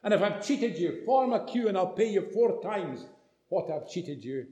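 A man's voice: a little high, animated, a little slow, big-room sound, dull audio. Man playing a greedy tax collector, boastful, brash, raised voice. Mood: remorseful. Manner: brash and boastful, then hushed and remorseful.

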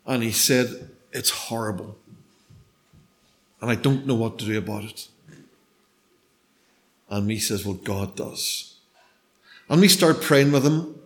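A middle-aged man preaching a sermon, telling a story in turns that range from emphatic to hushed and nearly whispered. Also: medium pitch. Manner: storytelling, shifts between loud emphasis and hushed near-whispers.

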